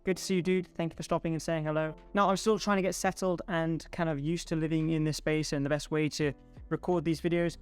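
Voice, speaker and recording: A man with a slightly high voice talks relaxed and chatty to his camera from home, enthusing to his viewers. Faint music plays behind him. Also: quick pace, clean tone. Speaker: photography video creator. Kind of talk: casual talk to camera. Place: indoors at home. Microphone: home studio mic.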